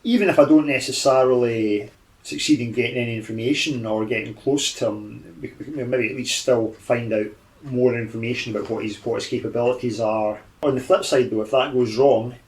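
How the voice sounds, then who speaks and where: A man playing a tabletop role-playing game, with a mid-pitched voice. He lays out plans thoughtfully and describes his character's actions. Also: steady tone, fairly quick, roomy sound. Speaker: player. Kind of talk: tabletop game play and narration.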